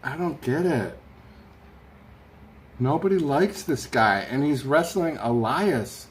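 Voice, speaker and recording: A man chats loosely through a live stream from a room at home, wandering from thought to thought and reading out what viewers write. His voice sits at an ordinary middle pitch. A faint room ambience stays under him the whole time. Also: animated, takes it slowly, slight background noise. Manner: rambling, chatty, reads viewer comments aloud. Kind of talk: casual live chat. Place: home room with a fan running.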